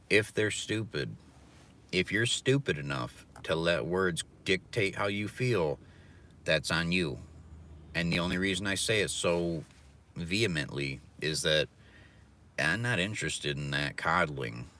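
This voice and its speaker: Deep-voiced man ranting profanely. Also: expressive, measured pace, long pauses, bright, forceful tone. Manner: profane, rambling, philosophizing. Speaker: livestreaming delivery driver. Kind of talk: casual livestream rant.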